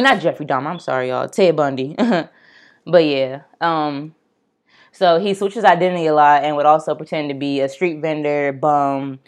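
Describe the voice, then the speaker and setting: A young woman with a low voice hosts a podcast, telling true-crime stories in a casual, blunt manner with asides to her listeners.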